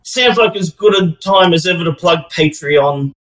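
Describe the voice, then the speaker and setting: A podcast co-host in easy casual chat, a voice at a middle pitch. The talk is dry and teasing. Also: moderate pace, a bit bright.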